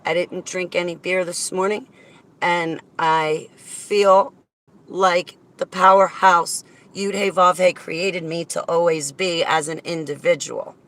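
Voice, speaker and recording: A woman speaking in a bright, forward-edged voice in an effusive, rambling video message to her viewers. She talks slowly, with plenty of pauses, then bursts into loud exclamations. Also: on the low side, steady tone. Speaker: vlogger thanking her viewers. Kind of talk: casual emotional video message.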